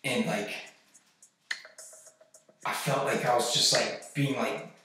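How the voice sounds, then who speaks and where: A man recounting a personal experience in a halting, rambling way, full of fillers and swearing. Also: medium pitch, steady tone, bright, forceful tone. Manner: halting, filler-heavy, profane. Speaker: vlogger recounting a trip. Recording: very echoey, distant mic, music behind.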